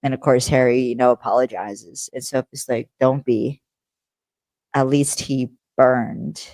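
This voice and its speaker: A woman's voice: extremely low pitch, fairly even intonation, normal speed, a little mellow, no echo. A woman co-hosting a podcast in casual chat, rambling with lots of fillers and laughing easily. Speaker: podcast co-host.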